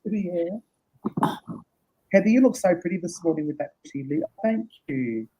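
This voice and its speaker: A tired woman hosting a casual live chat, laughing often and reading out viewers' comments in a husky voice. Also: fairly low pitch, lively intonation, normal speed, warm tone. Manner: chatty, laughs often, reads comments aloud. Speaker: host. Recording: dull lo-fi stream audio.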